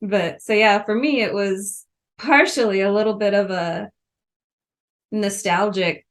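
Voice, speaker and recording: Woman from the Ozarks, podcast co-host, loose rambling book chat, mid-pitched. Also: measured pace. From Missouri Ozarks. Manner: chatty, rambling, with fillers and laughs.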